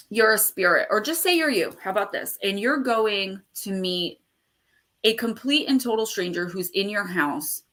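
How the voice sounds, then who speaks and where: A woman hosting a casual live stream about the paranormal, rambling and animated as she tells stories. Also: lowish voice. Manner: animated, rambling storyteller who acts out quotes. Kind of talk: casual livestream chat.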